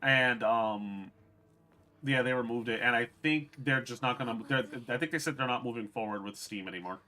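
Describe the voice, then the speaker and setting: A man's voice: medium pitch, normal speed, pushed and bright. A man streaming a game, chatting casually and profanely to his viewers. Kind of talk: casual gameplay commentary.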